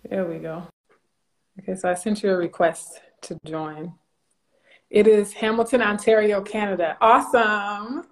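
A woman's voice: medium pitch, fairly even intonation, measured pace. A woman from Louisiana, hosting a casual live stream. She is bubbly, laughs often and greets viewers by name. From Louisiana, USA.

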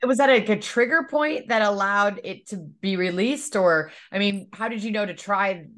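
Co-host: woman, mid-pitched, inquisitive. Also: normal speed, fairly bright tone. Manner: curious questions, brief reactions. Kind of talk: casual podcast interview.

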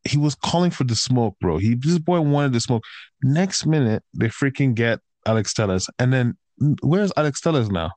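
A man talks football in a heated, profane rant, peppering his sentences with "bro" and "man". His pitch sits in an ordinary middle range, and the sound is close and dry with no room around it. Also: animated, moderate pace, a little mellow, dry recording. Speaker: podcast host and football fan. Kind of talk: casual chat.

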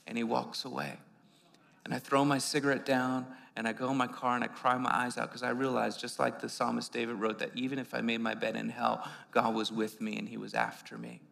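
A man preaches a conversational sermon in a church sanctuary, often repeating words and leaning on fillers. His medium-pitched voice is gravelly and fairly bright, delivered flatly at a fairly quick clip. The recording carries a long hall reverb.

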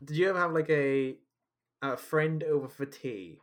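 A man's voice: on the high side, normal speed. A man in a casual chat, telling a childhood story with dramatic, self-mocking exaggeration.

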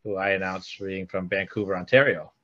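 A man's voice: low-pitched, little pitch movement, brisk, a bit bright, no echo, dull audio. A man co-hosting a casual podcast, joking in a dry, self-mocking way. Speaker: podcast co-host. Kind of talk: casual wrestling chat.

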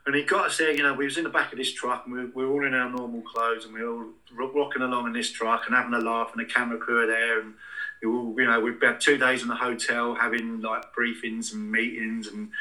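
A man with a very bright, sharp and forceful voice, recounting his experiences at length as an interview guest. He rambles along casually, circling back and restarting his sentences as the story unfolds. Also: medium pitch, low-quality recording. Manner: rambling anecdotal, many restarts and fillers.

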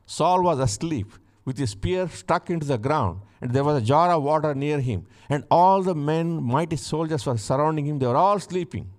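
Fervent preacher man with a slightly raised pitch. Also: normal speed, hardly any pauses, a little mellow. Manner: acts out biblical dialogue, repeats key phrases. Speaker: pastor. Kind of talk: sermon with storytelling and prayer.

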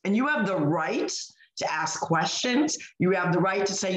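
A woman's voice: mid-range voice, animated, moderate pace, slight background noise. A woman co-hosting a podcast, telling an indignant story in casual chat, full of fillers and restarts. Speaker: podcast co-host. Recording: echoey room.

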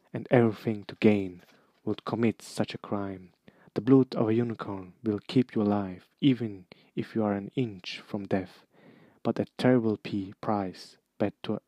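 A man's voice: fairly low pitch, no room sound. A man voicing a grave young centaur. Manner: measured, quiet and formal. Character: solemn young male centaur, grave and protective. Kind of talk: audiobook character reading.

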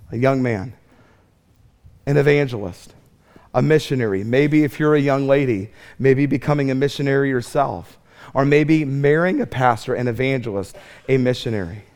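A middle-aged man preaching a fiery camp sermon, impassioned, telling comic stories and shouting at the peaks. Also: mid-range voice. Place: camp meeting room.

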